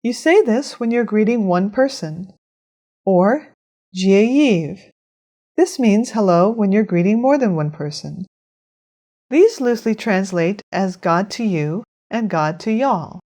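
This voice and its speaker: A woman narrating a scripted language lesson, explaining phrases clearly and pronouncing them with care. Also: mid-range voice, lively intonation, warm tone. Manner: clear, measured instruction with careful pronunciation. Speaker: language teacher.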